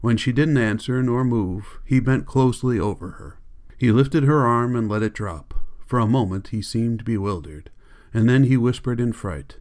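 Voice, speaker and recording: This audiobook narrator is a man whose voice sits in the middle range, and his reading stays steady and composed.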